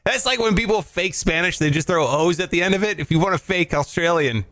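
A man's voice: fast, fairly bright tone. A man hosting a podcast, rambling and swearing in casual, joking banter. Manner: profane, rambling, jokey, big pitch jumps. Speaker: podcast host.

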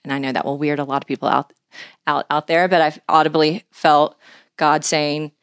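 A woman's voice: deep voice, level tone, moderate pace, smooth, no echo, studio quality. A middle-aged woman telling long, heartfelt stories as a podcast guest, earnest and sincere. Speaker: podcast guest, angler and mission leader. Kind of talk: conversational storytelling.

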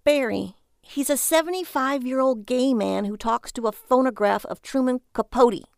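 A woman's voice: sits high, moderate pace, vocal fry, a little mellow, clear, resonant tone, no echo, clean studio sound, pitched above the performer's own voice. A woman voicing a sarcastic, exasperated wife. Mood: scolding. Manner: sarcastic and scolding. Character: exasperated sharp-tongued wife.

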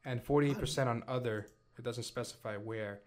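A man's voice: mid-range voice, normal speed, darkish tone. Brash, profane young male podcast host. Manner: brash, profane, hypes the audience. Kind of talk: casual chat.

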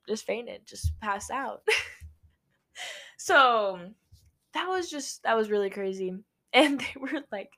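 A woman's voice: mid-range voice, bright, forceful tone. Chatty young woman telling a story. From Nebraska, USA. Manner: chatty, laughs often, many "like" fillers. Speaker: vlogger. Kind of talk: casual storytelling.

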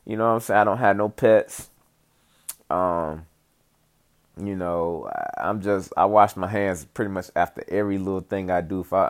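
A man telling a rambling, profane, comedic story in casual chat, full of fillers and asides. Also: sits low.

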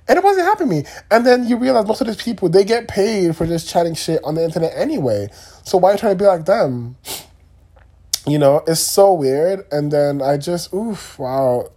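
A man's voice: a little high, mellow. A young man hosting a solo podcast, talking in a rambling, candid way and swearing casually. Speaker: podcast host.

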